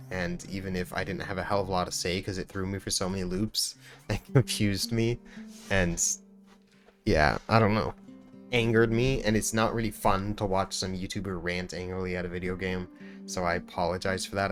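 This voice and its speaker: A man and gaming YouTuber in an angry, sweary rant about a game, repeating himself, then quietly apologizing to his viewers. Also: sits low.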